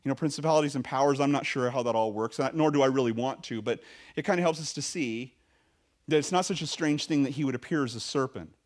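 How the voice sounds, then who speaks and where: Speaking quickly in a mid-range voice, a male pastor gives an animated, chatty sermon full of fillers and restarted phrases.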